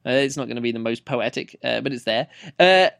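A man's voice: mid-range voice, fairly quick, gravelly, a bit bright, clean tone, no echo, clean studio sound. A man hosting a podcast, reviewing a book off the top of his head, rambling, restarting and correcting himself, and laughing at his own stumbles. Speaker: podcast host reviewing books.

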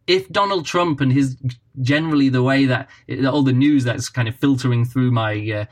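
A man's voice: medium pitch, normal speed. A man hosting his own podcast in a casual, rambling, chatty way, correcting himself as he goes and speaking into a built-in laptop microphone. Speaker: podcast host. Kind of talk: casual solo podcast talk.

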